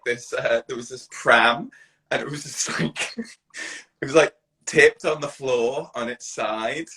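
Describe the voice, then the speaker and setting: A young man co-hosting a casual podcast chat, telling an anecdote animatedly and laughing hard along the way. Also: medium pitch. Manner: animated, slow, laughs while telling stories. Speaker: podcast co-host.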